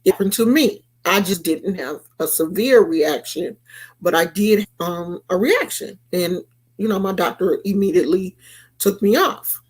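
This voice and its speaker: Sassy slow-talking woman ranting. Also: lowish voice, expressive, slightly rough. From United States. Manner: sassy, emphatic, quotes people in raised voices. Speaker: vlogger. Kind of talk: casual storytelling rant. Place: California.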